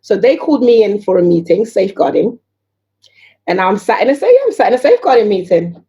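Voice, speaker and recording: A woman talks as a podcast guest in a quick, lively patter. Her voice is mellow and warm. She keeps firing rhetorical questions and slips into the voices of the people in her stories. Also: mid-range voice. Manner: animated, rhetorical questions, acts out voices of others. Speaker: guest entrepreneur. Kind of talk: casual podcast conversation.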